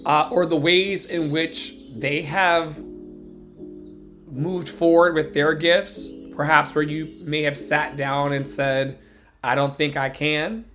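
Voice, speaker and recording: Bright-voiced man preaching with fervor. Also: fairly high pitch, little pitch movement, slow, soft background music. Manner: emphatic, preacherly, blunt and profane. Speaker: show host and preacher. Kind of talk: impassioned motivational sermon.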